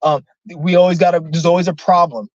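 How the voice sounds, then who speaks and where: A man's voice: a little high, fairly even intonation, brisk, dry recording. A man ranting casually to camera, rambling and emphatic, swearing a lot. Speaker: vlogger preaching breatharianism. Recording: dull lo-fi dry sound.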